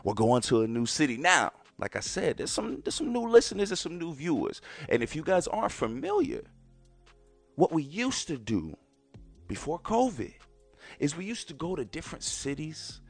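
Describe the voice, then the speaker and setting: Soft music plays behind a man in his thirties hosting a podcast in a dry recording, his slightly high voice very animated, with vocal fry at a normal speed. He addresses listeners casually and with emphasis, often saying "ladies and gentlemen" and repeating lines for effect.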